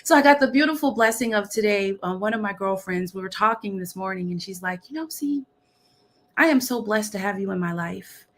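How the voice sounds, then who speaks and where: A woman's voice: mid-range voice, brisk, fairly bright tone. A bubbly, upbeat young woman from Dallas, Texas, chatting casually as a talk show guest and laughing often. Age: young adult. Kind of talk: casual chat. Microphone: video call.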